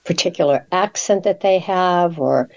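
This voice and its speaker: A woman's voice: fairly low pitch, unhurried, highs cut off. A woman hosting a radio interview show, asking curious follow-up questions of her guest.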